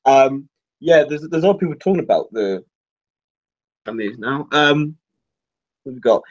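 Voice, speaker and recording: A young man hosting a casual fan livestream, chatty and quick to laugh, with lots of fillers and restarts. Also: medium pitch, animated. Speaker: livestream host. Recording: dull lo-fi livestream audio.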